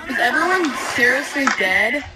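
A woman's voice: high voice, lively intonation, normal speed, over music, poor audio. A young woman chatting playfully while playing a game with friends. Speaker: gamer. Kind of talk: casual gameplay chat. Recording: loud background noise.

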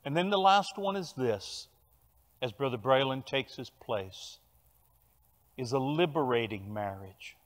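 An older man with a Cajun Louisiana accent preaching a sermon, telling stories with animated bursts of loud emphasis. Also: mid-range voice, measured pace. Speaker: pastor. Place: large church sanctuary. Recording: long church hall reverb.

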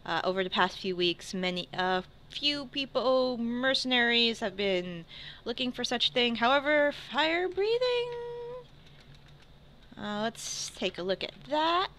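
A woman voicing a polite female potion shopkeeper in a tabletop game, giving courteous sales patter with hesitant pauses. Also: on the high side, expressive, fairly bright tone, slight background noise. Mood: helpful. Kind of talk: tabletop game role-play.

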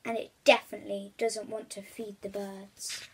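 A woman reading a picture book aloud to young children, gentle and chatty with her viewers. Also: medium pitch, flat delivery, normal speed, breathy edge.

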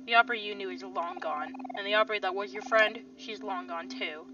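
A woman's voice: medium pitch, pushed and bright, a little hiss or hum, lightly acted. A woman reading a video game's lines as a bitter, scornful teenage girl who pushes away her old friends. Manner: dismissive, scornful, measured. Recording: slightly distant, dull lo-fi mic.

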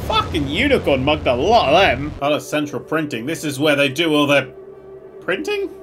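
A man giving loud, swearing, excitable live commentary while streaming a game, with sudden yelps and laughs. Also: on the high side, normal speed, over music.

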